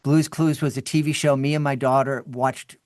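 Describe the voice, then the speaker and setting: A man telling stories as a podcast guest, animated, often restarting and repeating words. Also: medium pitch, moderate pace, no echo, clean studio sound. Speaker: podcast guest, children's podcast creator. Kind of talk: storytelling in an interview.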